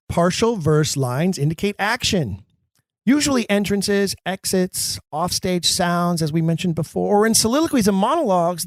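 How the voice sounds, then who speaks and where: A man hosting a podcast, teaching Shakespeare acting with emphatic delivery that drops low and slow for dramatic lines. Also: no room sound. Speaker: podcast host.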